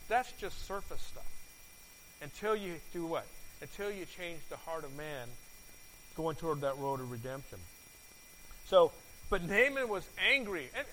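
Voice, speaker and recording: A man preaching a sermon, asking his congregation questions and repeating words, his volume swinging from loud to soft. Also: on the high side, a little hiss or hum, rough recording. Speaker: pastor.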